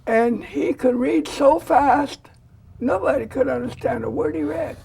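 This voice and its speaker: A woman's voice: high voice, measured pace, gravelly, slightly rough. An older woman, a foster grandparent volunteer, telling a story in a studio interview and acting out the quoted lines. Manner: animated storyteller who acts out quoted dialogue.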